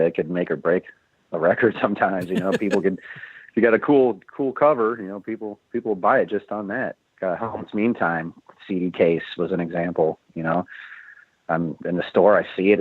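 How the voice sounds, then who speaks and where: Low-voiced man on a tinny phone line. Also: no room sound. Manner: rambling storyteller, chuckles often. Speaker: guest musician. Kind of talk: casual interview chat.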